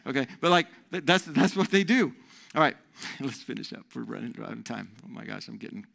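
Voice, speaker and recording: A man preaching a sermon as pastor, animated and conversational, often repeating words as he goes. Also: mid-range voice, brisk, creaky.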